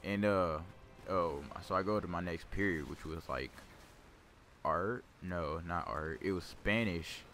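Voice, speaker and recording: Guy with a real low voice rambling a story over his gameplay, stumbles and repeats himself a lot. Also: unhurried, fairly bright tone. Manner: rambling, stammers and repeats words. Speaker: gaming video host.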